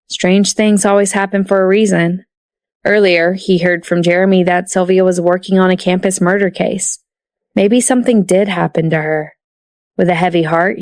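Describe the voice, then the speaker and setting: A woman narrating a romance audiobook in a steady, even reading voice. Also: on the low side, dry recording, clean studio sound. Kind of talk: scripted narration.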